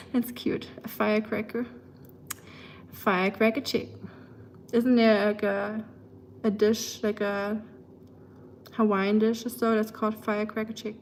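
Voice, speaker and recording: A woman's voice: a little high, a little mellow, a little hiss or hum. A woman with a German accent chatting casually with her livestream chat, rambling along with lots of fillers.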